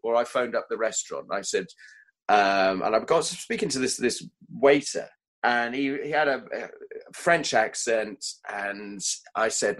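A man, a chef telling stories from his career in a relaxed interview, self-deprecating and often laughing at himself. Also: lowish voice, a little slow, poor audio. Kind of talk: relaxed storytelling in conversation.

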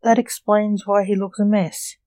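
A woman's voice: mid-range voice, level tone, measured pace, warm tone, no room sound, natural voice. A woman reading the lines of a wry, teasing young male enchanter in a story. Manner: dry and teasing.

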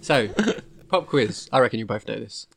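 A man's voice: medium pitch, normal speed, fairly bright tone, no room sound. A man co-hosting a podcast, chatting casually, explaining things and laughing often. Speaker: podcast co-host.

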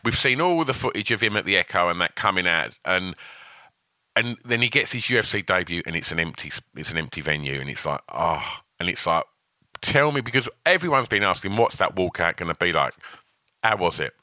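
A man's voice: sits low, expressive, a little fast, sharp tone, no echo. A man co-hosting a podcast, talking enthusiastically and repeating himself for emphasis. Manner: enthusiastic, asks co-host questions, repeats for emphasis. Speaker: podcast co-host. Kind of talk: casual chat.

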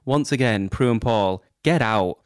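A man co-hosting a podcast, chatting casually, quick and enthusiastic with strong opinions. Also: mid-range voice, clean tone, dry recording, clean studio sound. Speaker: podcast co-host. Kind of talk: casual chat.

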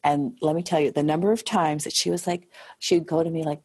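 A woman guest, a pilates studio owner, telling animated stories in a casual interview. She laughs often and swears freely. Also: deep voice, brisk, slightly rough.

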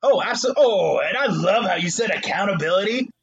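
A man's voice: sits high, quick pace, vocal fry, muffled recording, slight background noise. A man co-hosting a podcast, chatting casually and telling stories with lots of swearing. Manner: profane, animated storyteller. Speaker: podcast co-host.

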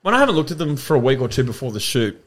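A man's voice: mid-range voice, big pitch swings, racing. A man, a comedian guest on a podcast, rambling through stories with frequent laughter and swearing. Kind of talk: casual podcast chat.

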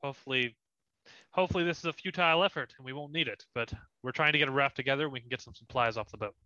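Bright-voiced man narrating as game master. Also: mid-range voice, rapid-fire, dry recording, muffled recording. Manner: loose, chatty narration with fillers.

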